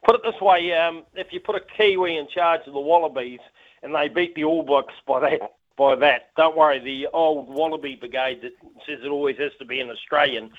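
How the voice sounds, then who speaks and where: Fired-up male caller, somewhat high voice, phone-line sound. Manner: passionate, emphatic. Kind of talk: phone-in call.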